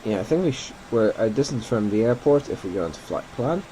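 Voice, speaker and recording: A man's voice: fairly low pitch, animated, fast talker, dark tone, slight background noise, rough recording. A man giving casual commentary while playing a flight simulator, thinking aloud and correcting himself as he goes.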